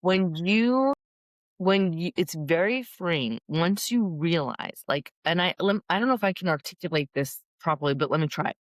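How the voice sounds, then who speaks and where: A middle-aged woman in casual chat, talking fast and acting out quoted voices. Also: on the low side, no echo. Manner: animated, acts out quoted voices. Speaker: podcast guest.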